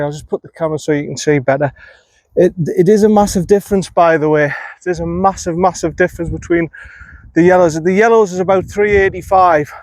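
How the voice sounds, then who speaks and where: A man's voice: a little high, darkish tone, dry recording. Self-critical man commentating his golf. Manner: self-critical, talks to himself. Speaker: golf vlogger. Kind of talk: running commentary while playing golf. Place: outdoors on an empty golf course. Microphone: phone camera.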